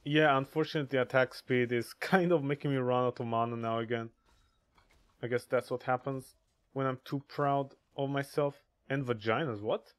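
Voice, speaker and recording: A man's voice: medium pitch, fairly even intonation, normal speed. A man casually chatting on a gaming livestream, crude and joking as he reads chat aloud. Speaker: streamer.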